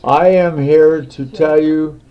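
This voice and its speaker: A man telling a folk tale in an unhurried way, with fillers and restarts, on a dull lo-fi recording. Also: on the high side, steady tone. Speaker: storyteller. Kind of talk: oral folk storytelling.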